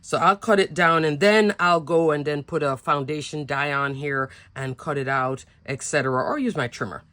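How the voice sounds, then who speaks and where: A woman with a fairly low voice talks chattily through a craft demo, gushing over every cute piece. She sounds close to the mic in a dry, dead room. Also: normal speed, fairly bright tone, no room sound. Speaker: craft channel host. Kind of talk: casual product show-and-tell.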